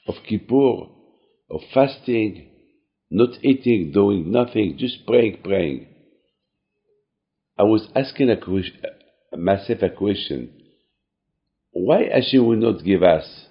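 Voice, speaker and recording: A man giving an earnest short talk to a congregation, repeating his phrases and restarting halting sentences. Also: lowish voice. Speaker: cantor and speaker. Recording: dull lo-fi recording.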